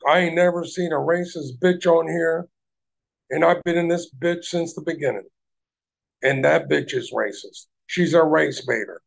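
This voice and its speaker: A man's voice: a little high, moderate pace, vocal fry. A man hosting a livestream, ranting heatedly at people in his chat and swearing heavily. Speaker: livestream host.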